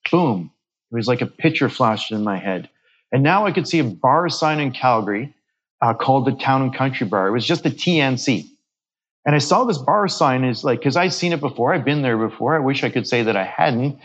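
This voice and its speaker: A man of middle pitch telling a story as a podcast guest, slipping into the voices of the people he quotes. He often restarts and repeats his words, and the audio is slightly dull and muffled. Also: lively intonation, fairly quick. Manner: acts out quoted dialogue while retelling a story. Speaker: guest medium.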